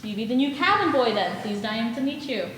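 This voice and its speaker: A woman's voice: expressive, brisk, a bit bright. Brief: sly, blustering peg-leg pirate cook, played by a woman on a school stage, noisy room. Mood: jovial. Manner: gruff seafaring bluster, sweeping pitch. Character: one-legged male pirate cook, sly and jovial. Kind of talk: high school stage acting. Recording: echoey auditorium stage sound, noisy.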